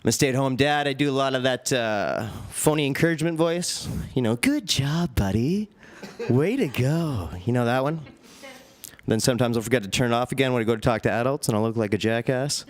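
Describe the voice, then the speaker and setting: A young man with a mid-pitched, ordinary voice does stand-up in a comedy club. His delivery is dry and deadpan, spoken into a handheld stage mic. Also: quick pace.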